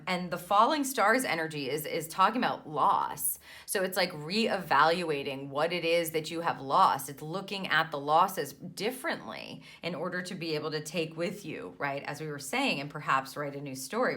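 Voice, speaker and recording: A woman's voice: low-pitched, pushed and bright. A woman reading cards as an intuitive guide, soothing and affirming, often tagging her lines with "right?". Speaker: tarot reader and intuitive mentor. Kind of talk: spiritual card reading monologue.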